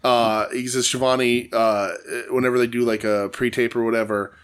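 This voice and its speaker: A man's voice: medium pitch, normal speed, clear, resonant tone. Casual male wrestling podcast co-host. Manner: relaxed, retells stories with fillers.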